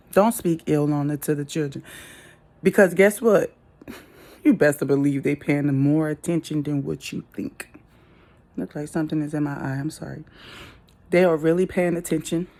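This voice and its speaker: Middle-aged woman vlogger, lower voice, frank, laughs a lot. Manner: candid, laughs a lot, loud mock outbursts. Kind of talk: casual talk to camera.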